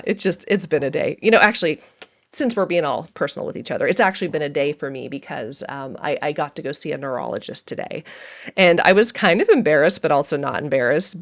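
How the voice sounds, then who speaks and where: A woman's voice: deep voice, expressive, brisk. A middle-aged woman hosting a podcast, talking candidly and emotionally about her day in a casual monologue, laughing often. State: emotional, feeling raw. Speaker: podcast host.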